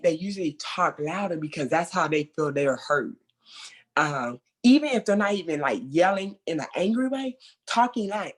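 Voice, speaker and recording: A mentor trainer talks through a training session in a loose, conversational way. The delivery is animated, with remembered quotes acted out loudly and laughter between points. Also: mid-range voice, husky.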